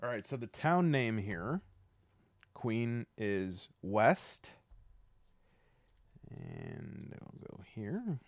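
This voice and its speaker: A man with a Southern US accent playing a solo tabletop game aloud, relaxed and thinking aloud as he goes. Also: on the low side, drawn-out words, gravelly, long pauses, no echo.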